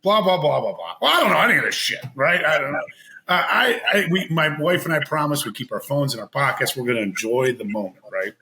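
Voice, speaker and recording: Lively storytelling man, bright voice. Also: a little high, quick pace, a little hiss or hum, low-quality recording. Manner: animated, laughing, acts out quoted voices. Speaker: podcast guest. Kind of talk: casual storytelling.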